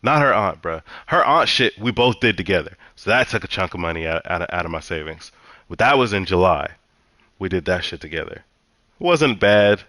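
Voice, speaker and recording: A man with a lowish voice vents about his life in a casual monologue, cursing constantly and circling back over the same points as he gets worked up. The sound is dry and close, with no room around it. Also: expressive, brisk, sharp tone, dry recording. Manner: profane, heated, repetitive storytelling. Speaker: vlogger telling a personal story.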